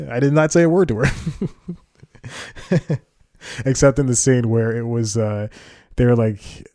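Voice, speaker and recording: A man's voice: mid-range voice, steady tone, measured pace, dark tone, no echo, clean studio sound. A man hosting a comedy podcast, telling a story in a rambling way, correcting himself and chuckling at his own asides. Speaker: podcast host. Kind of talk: casual comedic monologue.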